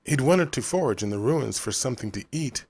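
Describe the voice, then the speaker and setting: A man narrates a novel as an audiobook, reading in a measured, even storytelling style. His voice is medium-pitched and husky.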